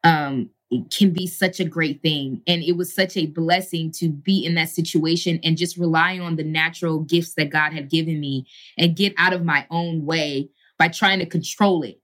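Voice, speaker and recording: Bright-voiced woman telling her story. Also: low voice. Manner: animated, talks in quick rushes with repeated words. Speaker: podcast guest. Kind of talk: storytelling in a podcast interview.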